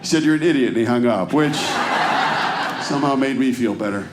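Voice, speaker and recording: A man's voice: mid-range voice, normal speed, very noisy. A middle-aged man doing a stand-up routine, chatting with the crowd in a conversational, self-deprecating way. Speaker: stand-up comedian. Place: comedy club stage before a live audience. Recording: roomy live stage recording.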